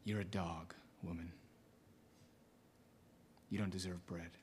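A man's voice: deep voice, level tone, takes it slowly, a little mellow, a little hiss or hum, voice pushed down. A man voicing Jesus speaking coldly and curtly to a Gentile woman. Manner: cold, curt.

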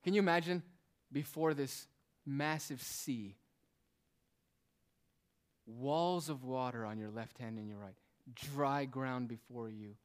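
With a clean tone and a mid-range voice, a man preaches slowly. His emphatic explanation of the text is full of rhetorical questions and casual asides, and he shifts between raised and hushed delivery.

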